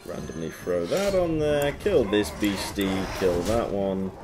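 A man's voice: on the low side, sing-song, a little slow, music in the background. Laid-back man narrating a card game. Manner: playful, reads card text aloud, goofy sound effects. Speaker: gaming channel host. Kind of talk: casual game commentary.

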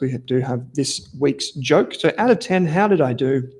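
An Australian man with a somewhat high, expressive voice talks at normal speed, a little mellow with a breathy edge, over soft background music. He's an investment analyst hosting a casual investing livestream, reading viewer comments and chatting loosely. His talk is rambling, self-correcting, and full of informal slang.

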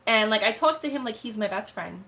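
A woman's voice: on the high side, a little fast. Chatty young woman telling a story. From United States. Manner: chatty, animated storytelling with slang. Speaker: live sale host. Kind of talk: casual livestream chat.

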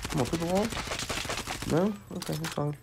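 A man giving casual, excitable gameplay commentary, full of slang and self-mocking trash talk, with game gunfire behind him. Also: fairly high pitch, moderate pace, creaky, very noisy. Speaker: gameplay streamer. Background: game gunfire and explosions.

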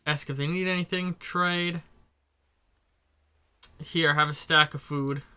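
A man with a stuffy cold giving casual, excitable commentary while playing a game. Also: on the high side, slow, clean tone. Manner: chatty, swearing, excitable reactions. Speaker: let's play streamer. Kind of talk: gameplay commentary.

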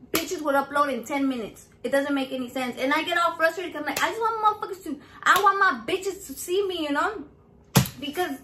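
A high-pitched woman talks straight to camera from her home. She is brash and foul-mouthed, and she drops words into her as she chats through her cooking vlog. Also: slight background noise. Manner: brash, foul-mouthed, animated, mixes Spanish into English. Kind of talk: casual profane chat to camera.

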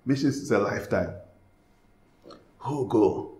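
A man from Ghana preaching a sermon as pastor, swinging between loud passionate bursts and hushed pleading. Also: medium pitch, a little slow, reverberant.

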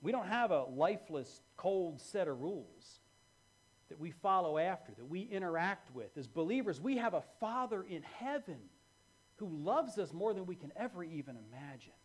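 A man preaching a sermon as pastor in a church, animated and moving between hushed and loud delivery. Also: high-pitched, moderate pace, husky.

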